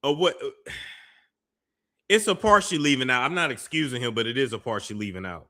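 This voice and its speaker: A man's voice: mid-range voice, brisk, pushed and bright. A man reacting to a story clip with sassy, skeptical side comments.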